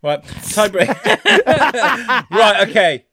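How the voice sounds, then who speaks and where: Lively, teasing male quiz host. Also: high voice, extremely slow, crowd noise. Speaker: quiz host reading the chat. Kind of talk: casual banter, swearing.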